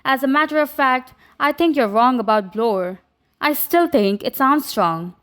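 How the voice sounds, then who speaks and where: A woman's voice: sits high, animated, a little slow, fairly bright tone. A woman reading the lines of a nervous, frightened young woman in an audiobook. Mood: uneasy. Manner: anxious, breathless, urgent.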